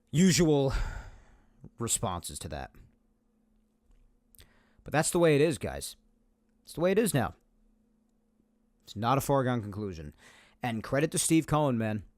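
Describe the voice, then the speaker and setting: On his own sports podcast, a medium-pitched man argues his opinions emphatically, going back over points to hammer them in. The recording has no room sound.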